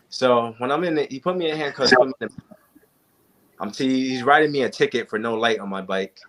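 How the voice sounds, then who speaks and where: A man's voice: mid-range voice, quick pace. A young man telling stories casually to a group, acting out the quoted exchanges. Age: young adult. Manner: animated storyteller, acts out quoted exchanges. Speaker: panel guest. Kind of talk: casual storytelling in a group chat.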